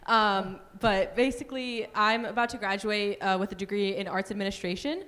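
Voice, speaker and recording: A woman's voice: mid-range voice, fairly even intonation, normal speed, fairly bright tone. A woman in her twenties, an audience member, asking a panel a friendly, slightly nervous question. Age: 20s. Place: convention hall. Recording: long echo of a convention hall.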